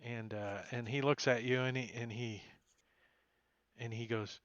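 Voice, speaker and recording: A man running a tabletop session as game master, talking the players through the scene in a loose, meandering way. His voice sits at an ordinary middle pitch. The stream audio is dull and lo-fi, with a dry, close sound and no room echo. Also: steady tone, measured pace, a bit bright. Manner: casual, rambling descriptions that often break into laughter. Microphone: home computer mic for an online session.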